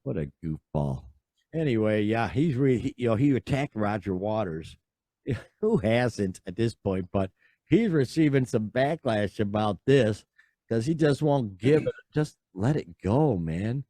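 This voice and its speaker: A man's voice: lowish voice, animated, measured pace, dark tone, no echo, studio quality. A man hosting a podcast, rambling and exasperated in casual chat. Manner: rambling, exasperated, lots of fillers and sighs. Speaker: podcast host.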